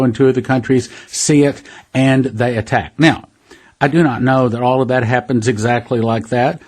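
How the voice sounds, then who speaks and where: A man's voice: medium pitch, darkish tone. Earnest man preaching prophecy talk. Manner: earnest, conversational, addresses listeners as brothers and sisters. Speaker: prophecy ministry host. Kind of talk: preaching commentary monologue.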